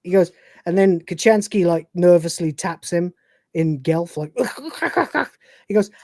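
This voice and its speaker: Woman co-host, casual and swearing, lowish pitch, dry close mic. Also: steady tone, moderate pace, mellow, no echo. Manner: rambling, profane and chatty, acting out scenes. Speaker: podcast co-host. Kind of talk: casual live-stream episode recap.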